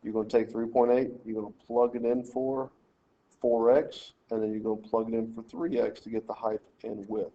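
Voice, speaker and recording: A man's voice: on the low side, steady tone, moderate pace, muffled recording, slight background noise. A man teaching a math lesson, working through problems step by step and telling students how to lay out their work. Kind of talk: screen-recorded math lesson walkthrough.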